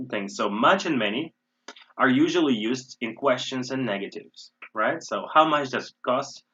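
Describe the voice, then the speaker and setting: An American man teaching an online English grammar lesson. He reads example sentences slowly, repeats them, and keeps checking in with "right?" and "okay?". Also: lowish voice, bright, forceful tone, lo-fi sound. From USA.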